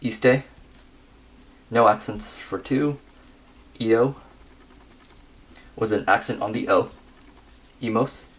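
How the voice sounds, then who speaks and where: A young man giving a scripted grammar lesson, working through verb endings slowly and methodically. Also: lowish voice. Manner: methodical, reads conjugations slowly with pauses.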